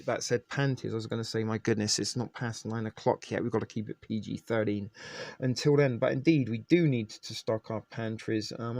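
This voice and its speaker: A man's voice: fairly low pitch, vocal fry, darkish tone, no echo. A man hosting a live stream, chatting casually and rambling to his viewers, answering their comments with plenty of fillers, restarts and the odd swear word. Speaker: livestream host.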